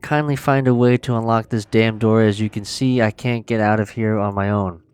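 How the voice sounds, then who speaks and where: A man voicing a stern older woman trapped in a church in a horror game, speaking loudly and demandingly. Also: fairly low pitch, fairly even intonation, normal speed, clean tone, lightly acted.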